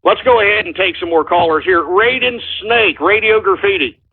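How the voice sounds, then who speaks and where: A man's voice: high-pitched, normal speed, breathy edge. A man hosting a call-in radio show, ranting angrily and swearing at his listeners. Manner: angry, profane, shouting insults at trolls. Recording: tinny phone-like sound.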